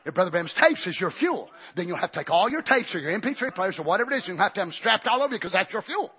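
A man preaching a fiery Pentecostal sermon, swinging from shouts to hushed near-whispers. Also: sits high, sing-song, rapid-fire, breathy edge, muffled recording.

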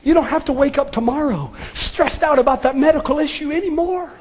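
A man preaching an impassioned sermon, shouting his lines and then dropping to a hush. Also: extremely high pitch, brisk. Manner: impassioned, shouting with sudden hushed drops.

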